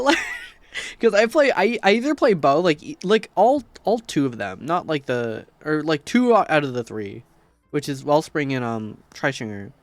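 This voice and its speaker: A man's voice: on the high side, no echo. A man streaming casually, tired, rambling and swearing while he talks about games and his code. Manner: rambling, swears, laughs a lot.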